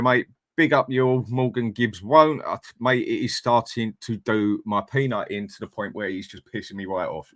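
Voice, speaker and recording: A man's voice: fairly low pitch, fairly bright tone, no echo, studio quality. A man hosting a live fan stream, chatting bluntly and reading out viewer comments. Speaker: fan channel host. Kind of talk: casual live-stream chat.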